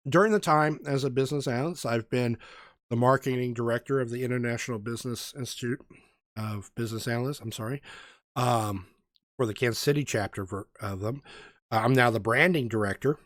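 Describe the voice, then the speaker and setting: A man's voice: mid-range voice, brisk, no room sound, studio quality. A man co-hosting a casual chat, telling funny stories and acting out the people in them. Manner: animated storyteller, acts out voices. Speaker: podcast co-host.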